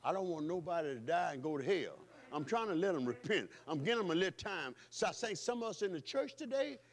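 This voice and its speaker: High-voiced preacher, rhythmic sermon. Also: male voice, expressive, fast. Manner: rhythmic preaching, swings between loud calls and hushed passages; repetitive, call-and-response phrasing. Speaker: pastor.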